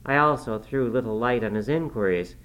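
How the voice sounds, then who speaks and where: A man narrating a classic novel in the first person, steady and measured. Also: medium pitch, rough recording. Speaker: audiobook narrator.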